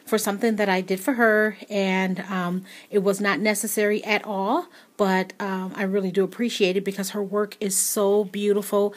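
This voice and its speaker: A woman's voice: mid-range voice, little pitch movement, moderate pace, hardly any pauses. A woman hosting a craft channel, chatting casually as she shows off a gift, gushing with many ums and repeated words. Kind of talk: casual unboxing chat.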